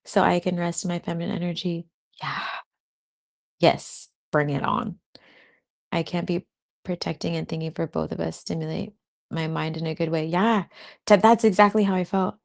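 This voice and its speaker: A woman chatting casually on a livestream, laughing often as she reacts to what viewers say. Her voice sits low with a gravelly fry running through it. She talks like a spiritual host among friends. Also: steady tone, normal speed. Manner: giggly, laughs often between remarks.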